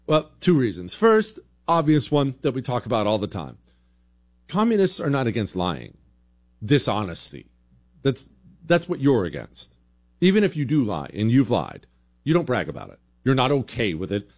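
Male opinion host, sarcastic and blunt, expressive delivery, conversational commentary. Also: mid-range voice. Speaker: political talk show host.

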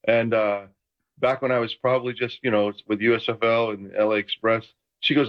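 Older dude rambling happily about old games, sound a bit dull like over a call. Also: male voice, mid-range voice, fast talker. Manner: animated, enthusiastic anecdotes. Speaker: guest, retired football player. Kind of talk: casual chat, storytelling. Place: home room full of memorabilia.

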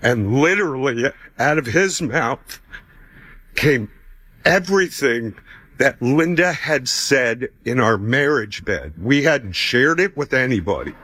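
A man's voice: mid-range voice, expressive, slow pace, sharp tone, breathy edge, no echo. A man in his fifties telling a personal faith testimony, conversational and chuckling as he acts out what people said.

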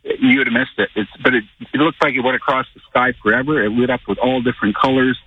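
A man from Canada calling in to a radio talk show, telling a long, halting story. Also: medium pitch, husky, no echo. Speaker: caller. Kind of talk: phone-in call. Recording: tinny distant phone line.

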